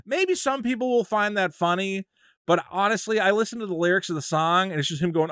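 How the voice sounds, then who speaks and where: A man's voice: sits high, a little fast, clean tone, no room sound, clean studio sound. A man giving an opinionated, casual movie review with frequent restarts. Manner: animated, opinionated, restarts a lot.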